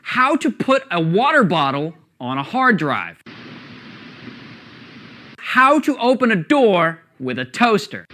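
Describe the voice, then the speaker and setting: A man hosting a comedy video review show, joking in an energetic, animated way. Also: high-pitched, slow pace, pauses often, a little hiss or hum. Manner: animated, jokey, shifts voices.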